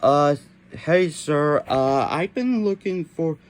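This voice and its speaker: A man's voice: on the high side, animated, slow pace. A man voicing a laid-back, mumbling stranger who found a parrot, hesitant and full of uhs.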